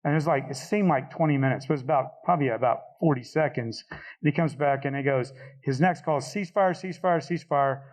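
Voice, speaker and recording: A man's voice: mid-range voice, fast talker, a little mellow, rough recording. A middle-aged man, a retired pilot on a panel, tells a war story and acts out radio calls.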